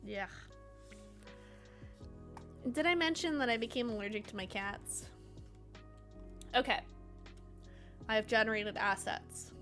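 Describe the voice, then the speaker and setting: High-voiced woman chatting on a coding stream. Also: slow pace, pauses often, soft background music. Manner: chatty, talks to her cats and reads chat aloud; animated, bursts of excitement. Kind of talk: casual live coding stream.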